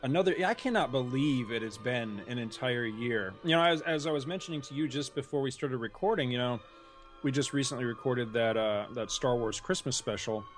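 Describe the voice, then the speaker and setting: A man co-hosting a podcast, chatting casually in a middle-pitched voice. He rambles, full of "uh"s and restarts. Soft music plays faintly underneath. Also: a little fast. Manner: rambling, many fillers and restarts, laughs easily. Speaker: podcast co-host.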